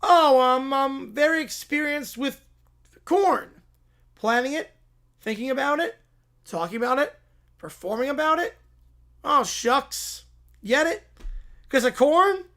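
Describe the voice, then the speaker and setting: A man playing a goofy young man who shouts the same corn pun catchphrase again and again, in a comedic read-aloud. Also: very high-pitched, expressive, slow, long pauses, heavily acted. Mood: goofy, shouting.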